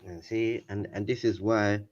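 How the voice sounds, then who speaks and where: A man co-hosting a podcast, probing his partner with dry, needling questions. His voice sits fairly low, and the recording sounds muffled and lo-fi. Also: fairly even intonation, unhurried, a little mellow. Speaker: podcast co-host. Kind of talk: casual chat.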